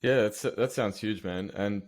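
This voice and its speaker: A man hosting a podcast, asking questions in a relaxed, encouraging way. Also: on the low side, measured pace. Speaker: podcast host. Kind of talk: casual conversational interview.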